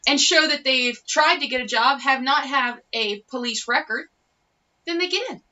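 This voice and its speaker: Sarcastic, foul-mouthed high-voiced woman. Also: moderate pace, sharp tone. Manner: sarcastic, profane, mocking. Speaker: commentary vlogger. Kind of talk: casual political rant. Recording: dull, distant-sounding recording.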